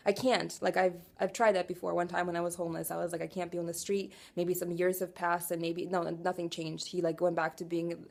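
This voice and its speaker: A woman's voice: lowish voice, level tone, a little fast, creaky, hardly any pauses. Raw, profane young woman venting. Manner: raw, profane, keeps asking "do you know what I'm saying"; swings from quiet and weary to loud and exasperated. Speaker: vlogger. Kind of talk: emotional confessional rant.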